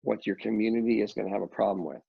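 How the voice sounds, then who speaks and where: A man's voice: fairly low pitch, racing, vocal fry, slightly rough, no echo. A middle-aged man, a real estate developer, talking casually in an interview with many restarts and fillers. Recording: dull lo-fi dry audio.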